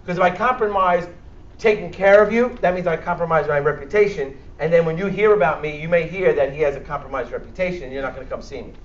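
A man's voice: on the high side, quick pace. Bronx guy giving a church health talk, blunt and jokey, dull-sounding recording from across the hall. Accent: Bronx New York. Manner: blunt, joking, emphatic. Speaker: doctor leading a church health workshop. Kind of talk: lively workshop talk to a church audience. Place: church hall, speaking to a live audience. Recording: echoey hall, distant and dull.

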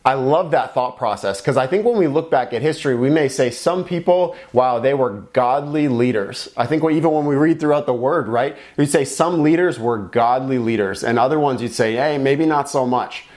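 A man's voice: mid-range voice, moderate pace, hardly any pauses, darkish tone. A man from the United States delivering a short devotional message as a pastor, earnest and encouraging in a conversational preaching manner.

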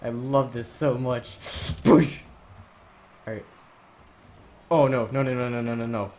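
A man hosting a gaming channel, giving excited live commentary over his own match, often yelling and laughing at plays. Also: medium pitch, normal speed.

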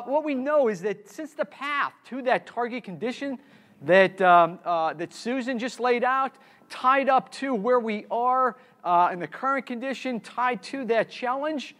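High-voiced man giving an energetic keynote. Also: unhurried. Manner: energetic, quizzes the audience, repeats key words; frequent restarts and stammered repeats. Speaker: conference keynote speaker. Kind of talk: live keynote presentation. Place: conference stage before a live audience.

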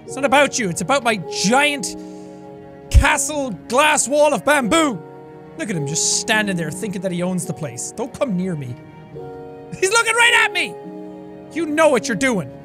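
A man giving excitable let's play commentary, swinging from yelling outbursts to low mutters. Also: normal speed, over music. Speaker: gameplay commentator.

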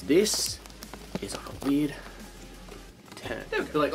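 A young man vlogging from his bedroom in a casual rambling monologue, animated, swearing a lot and acting out the voices of phone calls. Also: medium pitch, moderate pace, gravelly, pauses often, music in the background.

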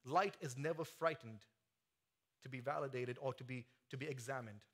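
A man preaching a sermon, swinging from quiet, joking asides to loud, soaring climaxes. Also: medium pitch, normal speed. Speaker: pastor. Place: church sanctuary.

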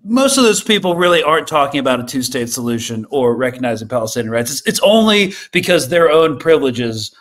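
A man's voice: medium pitch, very animated, fairly quick, hardly any pauses, fairly bright tone. A man hosting a podcast, talking in a casual, hesitant way with many fillers. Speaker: podcast host. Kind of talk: casual discussion.

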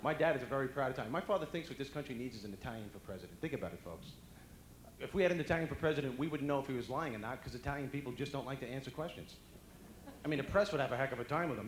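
A man's voice: mid-range voice, lively intonation, racing. A man with a Brooklyn accent doing live stand-up comedy, brash and chatty, talking straight to the audience. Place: banquet hall at a dinner event. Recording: echoey banquet hall with faint room noise.

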